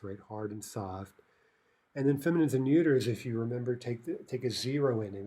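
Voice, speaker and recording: Husky-voiced man teaching a grammar lesson. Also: medium pitch, dark tone. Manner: explanatory, frequent "right?" and "okay" checks. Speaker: language teacher.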